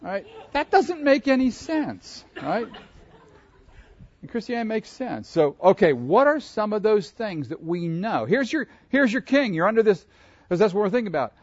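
A man's voice: sits high, very animated, moderate pace, dry recording, dull audio. A man preaching a sermon, asking his congregation questions and laughing between his points. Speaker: pastor. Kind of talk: interactive sermon.

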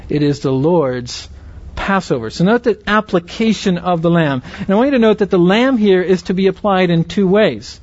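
A man with a somewhat high voice teaches a Bible lesson in an earnest, explanatory manner. He keeps checking that his listeners follow with short rhetorical questions. The recording is dry and a little dull. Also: brisk, few pauses, a little mellow, no room sound.

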